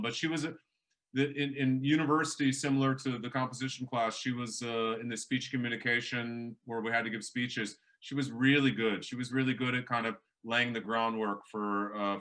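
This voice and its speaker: A male professor chats loosely through an online workshop, restarting his sentences often. His voice is bright and forceful at an ordinary pitch, heard over a video call. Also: fairly even intonation, a little fast. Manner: chatty, many restarts and fillers. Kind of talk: casual workshop talk.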